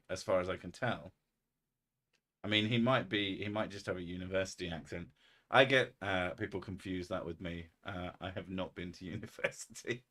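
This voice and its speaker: A man's voice: low-pitched, fairly bright tone. A man hosting a casual live stream, rambling and self-mocking with a lot of swearing.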